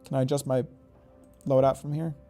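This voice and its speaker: A man's voice: medium pitch, flat delivery, fairly quick, warm tone, soft background music. A man streaming a game, rambling, joking and swearing as he thinks aloud. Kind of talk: casual live-stream gaming commentary.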